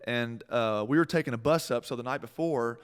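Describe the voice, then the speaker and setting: A man's voice: mid-range voice, fairly quick, smooth. A man, a country singer guesting on a live radio show, telling a story with many restarts and bursts of laughter. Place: live radio stage in a food hall.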